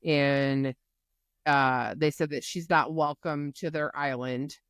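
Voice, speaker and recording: Woman podcast co-host, lower voice, animated profane recap, dry room sound. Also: slow, clean tone, no echo. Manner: animated retelling, swears freely. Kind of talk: casual book-club chat.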